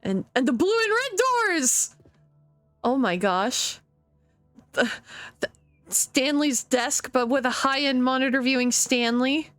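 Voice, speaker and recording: Slow-talking woman streamer, dry mic. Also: sits high, lively intonation, no echo, faint music behind. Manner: chatty, giggly, thinks out loud. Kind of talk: casual let's-play commentary.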